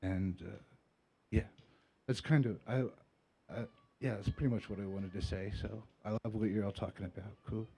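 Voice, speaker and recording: A man speaking on a panel, halting and full of fillers and restarts. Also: lowish voice, steady tone, dark tone, slightly rough. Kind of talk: casual spoken remarks.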